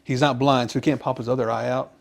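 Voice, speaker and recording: A man co-hosting a casual podcast, telling a long joke with lively character voices. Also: fast, creaky. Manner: animated joke-teller, jumps to high pitch for characters. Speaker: podcast co-host.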